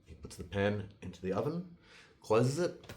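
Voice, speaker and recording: A man telling a fairytale in a loose, conversational way, with restarts and sudden jumps in loudness. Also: lowish voice, moderate pace. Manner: loose retelling with restarts, lively swings in loudness. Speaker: storyteller. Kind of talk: casual fairytale storytelling.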